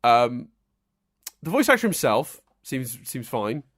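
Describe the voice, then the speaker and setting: Animated man ranting on a podcast. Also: mid-range voice, slow pace. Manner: animated, self-mocking, ranting. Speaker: podcast co-host. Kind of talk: casual chat.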